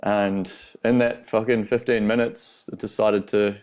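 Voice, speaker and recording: A man's voice: lowish voice, little pitch movement, a little slow, darkish tone. A young Australian man, a skateboarder guest, telling stories in a laid-back way, swearing freely and laughing through them. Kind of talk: casual storytelling.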